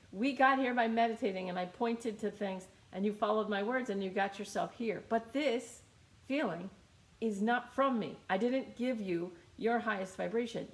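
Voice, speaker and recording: A woman's voice: medium pitch, creaky, reverberant. A woman teaching a guided meditation in a casual, chatty way, often repeating her phrases.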